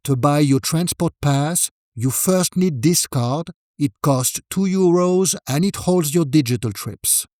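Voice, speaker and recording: Male language-lesson narrator, calm and clear, slightly high-pitched, dry close-mic voice-over. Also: no echo. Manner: calm, clear explanations, models French phrases slowly with falling intonation. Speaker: French language teacher. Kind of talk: scripted narration.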